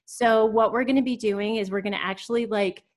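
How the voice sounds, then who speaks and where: A woman's voice: fairly high pitch, fairly even intonation, brisk. A woman from Colorado co-hosting a casual talk, earnest and encouraging, swearing now and then. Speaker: podcast co-host, tarot teacher. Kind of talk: casual chat.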